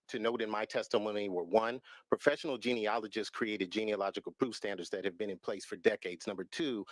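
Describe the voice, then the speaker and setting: A man's voice: on the low side, dry recording, rough recording. Firm-voiced man giving formal testimony. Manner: measured, firm, reads prepared remarks. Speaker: professional genealogist testifying. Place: legislative hearing room. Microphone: standing public microphone.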